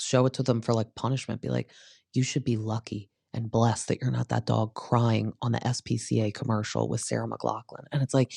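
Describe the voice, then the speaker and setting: A woman's voice: a bass voice, fairly quick, vocal fry, darkish tone, dry recording, clean studio sound. A woman hosting a casual gossip recap podcast, chatty and opinionated, with many fillers. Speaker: podcast host.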